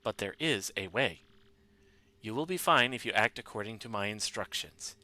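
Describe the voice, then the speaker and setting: A man reading the lines of a polite male computer intelligence in a measured, formal way. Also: fairly low pitch, lively intonation, sharp tone. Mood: calm.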